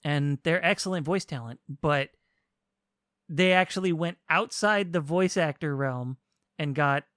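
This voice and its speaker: A man in casual podcast chat, his voice sitting a little high for a man. He retells things animatedly, slipping into quick acted-out lines. The sound is dry and close, with no room around it. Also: dry recording. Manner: animated storytelling, acts out characters' lines. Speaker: podcast co-host explaining a game.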